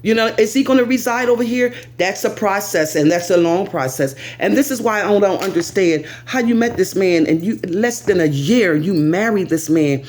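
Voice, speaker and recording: American woman vlogger, lively commentary to camera, big pitch swings. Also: moderate pace, few pauses. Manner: animated, lively, pitch swings, talks straight to viewer.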